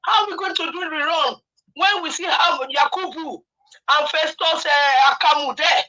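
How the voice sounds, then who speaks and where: A woman's voice: sits high, moderate pace. Impassioned woman caller on a lo-fi phone line. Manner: impassioned, rising to shouting. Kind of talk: call-in radio comment.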